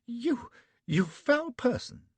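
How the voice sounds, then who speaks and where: A man voicing a prim young woman who is easily scandalised, speaking in a shrill falsetto. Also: wildly swooping pitch, normal speed, slightly rough, dry recording, exaggerated voice. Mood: indignant. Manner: shrill falsetto, indignant whispering.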